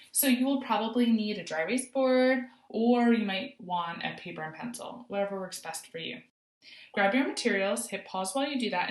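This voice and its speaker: A woman teaching a phonics lesson to young children, sounding out letters slowly and praising often. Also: medium pitch, reverberant. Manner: encouraging, sing-song praise, slow sounding out of letters. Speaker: kindergarten teacher.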